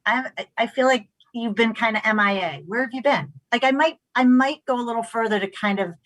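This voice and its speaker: A middle-aged woman on an expert panel, talking in an animated way with many restarts and acting out quoted speech. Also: fairly high pitch, a little fast, low-quality recording. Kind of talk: panel discussion.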